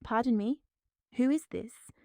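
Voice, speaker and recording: A woman voicing a calm, authoritative businesswoman who speaks with cool indifference, in a smooth, mellow voice. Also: on the high side, unhurried, no echo, pitched above the performer's own voice. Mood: coldly calm.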